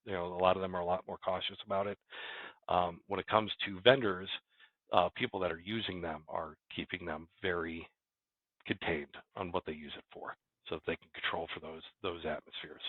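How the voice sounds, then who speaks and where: A man's voice: sits low, steady tone, fairly quick, no room sound. A man, a company president, talking casually as a guest and rambling with many restarts. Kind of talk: casual interview talk. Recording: dry, phone-like remote call audio.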